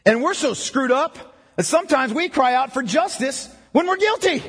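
A man preaching a sermon as a pastor, impassioned and emphatic, with a husky voice. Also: extremely high pitch, expressive, normal speed, a bit bright. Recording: long reverb of a large hall.

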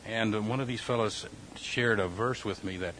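A man sharing a praise with his church group, folksy, clearing his throat now and then. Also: fairly low pitch, normal speed, fairly bright tone, slight background noise, rough recording.

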